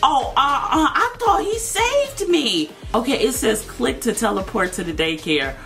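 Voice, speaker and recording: A woman's voice: high voice, sing-song, a little slow, vocal fry, a bit bright, faint music behind. A young woman giving playful gameplay commentary, dramatic and laughing as she talks to her viewers. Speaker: gaming video creator.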